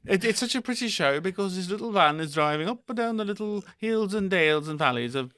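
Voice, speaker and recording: A man from South Africa co-hosting a comedy podcast, playful and quick to exclaim. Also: high voice, lively intonation, a bit bright, clear, resonant tone, no echo, studio quality. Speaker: podcast co-host. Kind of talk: casual comedy chat.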